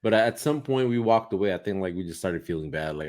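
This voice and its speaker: A young man co-hosting a casual comedy podcast, telling stories in an animated way and swearing a lot. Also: low voice, fast, a little hiss or hum. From United States. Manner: animated storytelling with heavy swearing. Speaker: podcast co-host.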